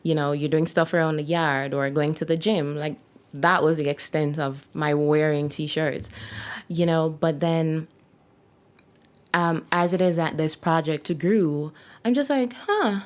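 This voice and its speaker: A woman's voice: sits low, flat delivery, a little slow. A woman in her thirties with a Jamaican accent, chatting as a guest in an interview and laughing often. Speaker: guest, clothing designer. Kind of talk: casual interview.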